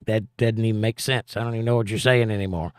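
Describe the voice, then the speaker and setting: Man, live stream host, sarcastic, blunt, smooth resonant voice, dry close sound. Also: lowish voice, steady tone, fast, no echo. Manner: blunt, sarcastic put-downs. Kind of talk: reading and answering live chat.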